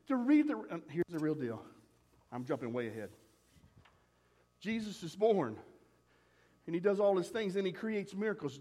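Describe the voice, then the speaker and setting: A man's voice: high voice, a little mellow, long reverb tail. A man preaching a sermon as pastor, talking to his congregation in a conversational way with rhetorical questions. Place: church.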